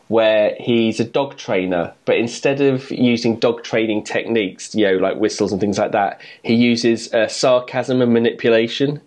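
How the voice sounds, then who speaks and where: A man's voice: mid-range voice, a little mellow. A man, co-hosting a casual podcast in a chatty, amused, teasing way. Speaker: podcast co-host. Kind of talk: casual chat.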